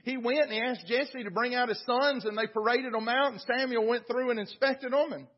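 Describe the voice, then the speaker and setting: High, husky-voiced man preaching a sermon. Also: brisk, lo-fi sound. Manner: earnest storytelling preaching, retells scripture with acted quotes. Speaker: pastor. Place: church sanctuary.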